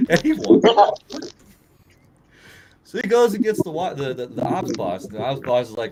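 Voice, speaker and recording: Storyteller man, casual and profane, lively pitch, faint background noise. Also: moderate pace, pauses often. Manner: animated, laughs often, acts out quotes. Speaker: podcast co-host telling a story.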